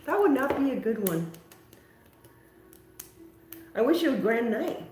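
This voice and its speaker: A woman's voice: on the high side, sing-song, unhurried, reverberant, over music. A woman hosting a live crafting stream, chatting casually and poking fun at herself as she paints. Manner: chatty, self-mocking, talks to viewers while working. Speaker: crafting livestream host.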